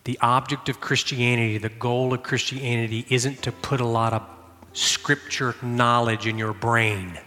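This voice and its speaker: Bright-voiced preacher in a reverberant hall. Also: male voice, mid-range voice, a little slow. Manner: animated storytelling, shouting in reenactments, dropping to quiet prayer. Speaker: pastor. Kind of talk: sermon. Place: church sanctuary. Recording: long hall reverb with faint music.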